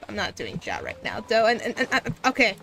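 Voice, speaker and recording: Chatty giggly streamer girl, highish soprano, faint game music underneath. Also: wildly swooping pitch, a little fast, vocal fry, pushed and bright. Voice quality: light soprano voice. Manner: chatty, giggly, lots of restarts. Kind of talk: casual livestream chat while gaming.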